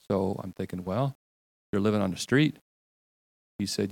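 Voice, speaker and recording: A middle-aged man delivers a sermon as if telling a story to friends, his voice gravelly with a rough fry. He often sinks to a hushed, low tone when he quotes dialogue. The recording is dry and close, with no room echo. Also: normal speed, long pauses. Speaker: pastor.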